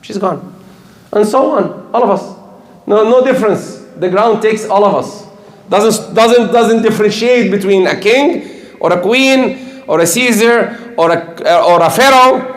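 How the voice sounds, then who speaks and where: Older male preacher, high-pitched, emphatic and repetitive, roomy echo. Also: animated, unhurried. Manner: earnest, repetitive, emphatic, with slips. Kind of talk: sermon. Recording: echoey room.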